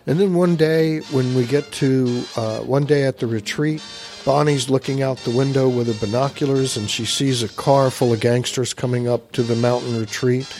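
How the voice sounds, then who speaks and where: A man's voice: mid-range voice, fairly even intonation, moderate pace, a little mellow, faint music behind. Man rambling through a comic recap. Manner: rambling, with frequent uhs. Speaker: comic book commentator.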